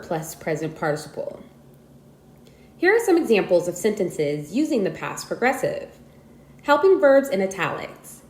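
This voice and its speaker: Female narrator with a lowish, lively voice, reading instructional text in a roomy space. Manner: measured, explanatory reading with lively emphasis. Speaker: audiobook narrator. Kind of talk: scripted grammar lesson narration.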